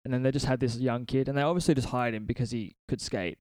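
A man chats as a podcast host, swearing freely and laughing between rambling anecdotes. His voice sits at a middling pitch, and the sound is dry with no room echo. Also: fairly even intonation, fast, darkish tone. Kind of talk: casual podcast chat. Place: a friend's house.

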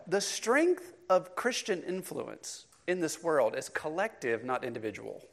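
Middle-aged male pastor, conversational sermon delivery, addresses the congregation. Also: high-pitched.

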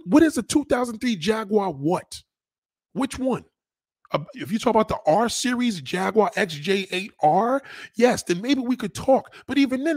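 A man's voice: breathy edge, dry recording, clean studio sound. A man on a live stream, mocking a viewer's comment in a heated, profane rant and repeating himself for emphasis. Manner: animated, pitch jumps up when indignant. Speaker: livestreamer reading viewer comments.

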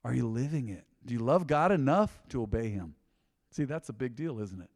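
A middle-aged man delivers a sermon with bold conviction in a church sanctuary. His voice sits at an ordinary male pitch, and his quiet asides build into loud, emphatic calls to the congregation. A long reverb from the hall trails each phrase. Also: lively intonation, brisk. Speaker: pastor.

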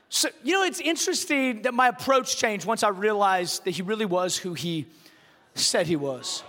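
A man preaching a sermon as pastor, shifting from low, quick storytelling to loud, emphatic declarations. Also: lively intonation. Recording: long hall reverb.

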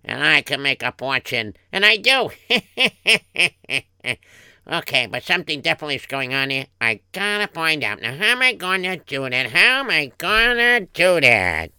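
A man's voice: fairly high pitch, big pitch swings, unhurried, sharp tone, clear, resonant tone, no echo, full character voice. A man playing a cackling crooked merchant. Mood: scheming. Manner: chuckling, wheedling, laughs often. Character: sly, crooked male merchant who cackles.

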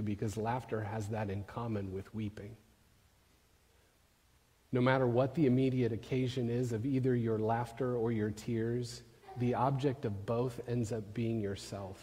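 A man's voice: mid-range voice, husky. Man preaching in a reverberant hall. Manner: storytelling, rising to emphatic questions then dropping soft. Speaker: pastor. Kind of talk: sermon.

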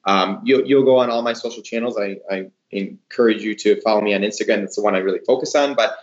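A man, a hairdresser and educator, talking in a casual interview with enthusiastic, animated storytelling. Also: fairly low pitch, quick pace. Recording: roomy, slightly dull sound.

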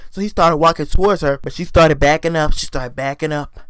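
A man giving a casual, profane, animated recap of a TV episode, acting out the scenes. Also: on the high side, quick pace, few pauses, no echo. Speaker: TV recap commentator.

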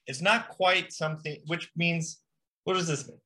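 Bright-voiced young man playing faux expert. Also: on the high side, fairly even intonation, a little slow. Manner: faux-expert, rambling with fillers. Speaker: podcast co-host. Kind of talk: improvised comedy podcast chat.

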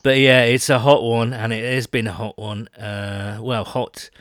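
A man's voice: mid-range voice, level tone, measured pace, fairly bright tone. A British man co-hosting a podcast, chatting casually and self-mockingly with lots of fillers. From Britain. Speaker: podcast co-host. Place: home, London.

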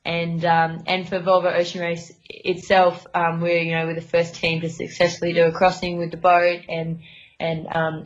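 A woman's voice: lowish voice, monotone, moderate pace. A young adult woman sailor, interviewed in a casual radio chat, talking hesitantly with many fillers and restarts. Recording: dull lo-fi line.

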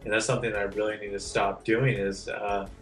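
A man's voice: fairly low pitch, level tone, fairly quick, fairly bright tone, far from the mic, soft background music. A man talking as a guest on a podcast in casual chat, candid and rambling, with many "like" fillers.

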